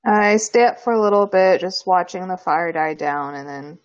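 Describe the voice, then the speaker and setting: A woman's voice: lowish voice, fairly even intonation, moderate pace, dull audio. A woman player in a tabletop game, answering in short, dry, playful lines.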